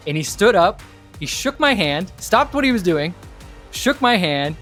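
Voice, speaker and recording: Man, podcast co-host, chatty storyteller, voice a bit on the high side, faint music underneath. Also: unhurried. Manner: lively storyteller, full of "like" and restarts. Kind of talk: casual chat, telling a story.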